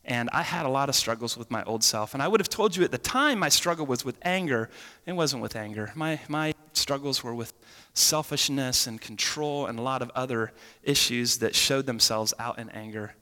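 A man preaching a sermon, telling a personal story in an animated way, with sudden swings between loud and hushed. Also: medium pitch, moderate pace. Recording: long reverb of a church hall.

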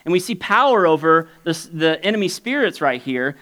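With big pitch swings and a moderate pace, a male pastor preaches casually, as if in conversation. He moves between loud, high outbursts and quiet, low asides, often chuckling between points.

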